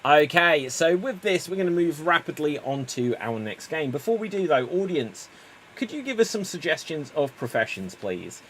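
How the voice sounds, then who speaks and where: A man hosts a live improv stream and explains the games briskly. He keeps the tone upbeat. His voice sits a little high. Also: big pitch swings, a bit bright, a little hiss or hum. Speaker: improv show host.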